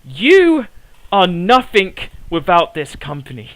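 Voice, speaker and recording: A wrestler delivers a heated promo, blaming a rival with mounting bitterness. The pitch swings widely from low growls to high outbursts. The sound is dry and close, with no room around it. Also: huge pitch swings, slow pace, dry recording, rough recording. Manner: bitter, accusing, building to a shout.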